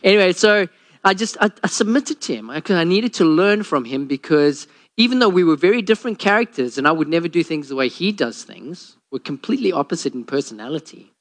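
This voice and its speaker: A man, a pastor, preaching a sermon and telling a Bible story with lively acted-out quotes. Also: fairly quick. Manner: storytelling, acts out quotes with a lowered voice.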